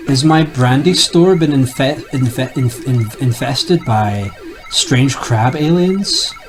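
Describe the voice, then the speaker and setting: A man's voice: medium pitch, lively intonation, slow pace, over music, low-quality recording. A young man giving casual, jokey commentary as he plays retro games, rambling and talking to himself. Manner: rambling, jokey, talks to himself while playing. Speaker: retro gaming youtuber.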